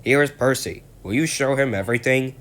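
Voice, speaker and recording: A man's voice: mid-range voice, brisk, fairly bright tone, voice pushed up, close to an everyday voice. A man voicing a stern, portly male railway boss who speaks in a formal, clipped, commanding way.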